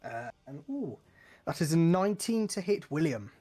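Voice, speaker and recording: A man running a tabletop game as game master, playful and quick to laugh. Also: fairly high pitch, sing-song, warm tone, slightly rough.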